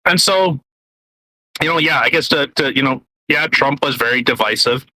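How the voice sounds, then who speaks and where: A man's voice: mid-range voice, normal speed, sharp tone, no echo, low-quality recording. A man co-hosting a podcast, rambling through casual political chat with lots of fillers, restarts and blunt swearing. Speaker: podcast co-host. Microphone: podcast mic, eating while talking.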